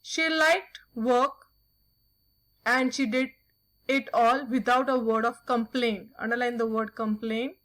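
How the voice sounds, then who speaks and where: Woman teacher reading a story aloud to a class, high voice, slow and careful pace. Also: fairly even intonation, a bit bright, low-quality recording.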